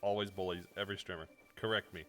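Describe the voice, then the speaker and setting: A man's voice: low-pitched, steady tone, quick pace, fairly bright tone, soft background music. A man streaming a game and bantering playfully with his chat, teasing back and laughing at himself. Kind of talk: casual gameplay stream chat.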